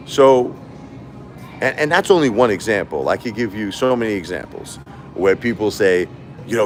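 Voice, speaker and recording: Middle-aged new guy rambling on a livestream, low voice, faint music behind. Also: animated, fairly quick. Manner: rambling, repeats himself, laughs often. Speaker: live-stream host. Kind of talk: casual live-stream storytelling.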